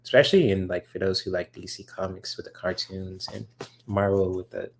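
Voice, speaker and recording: In a low-pitched voice with fairly even intonation, a man talks fairly quickly. He is hosting a casual livestream, working through viewers' chat questions in a rambling, enthusiastic way about comics, full of fillers.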